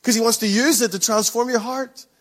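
A man's voice: very high voice, fairly even intonation, brisk, fairly bright tone. A middle-aged man preaching a sermon as pastor, earnest and emphatic, repeating his key lines.

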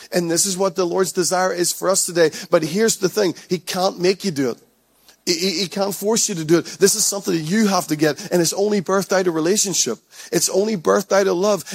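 A man's voice: high-pitched, creaky, no room sound. A male pastor with an Irish accent preaching a sermon, driving his points home through repetition and breaking into playful, laughing asides.

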